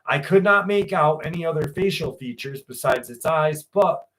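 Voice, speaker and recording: A man's voice: fairly high pitch, moderate pace, fairly bright tone, poor audio. A man hosting a podcast, telling rambling, profane anecdotes full of fillers and reading a listener's story aloud. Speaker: podcast host.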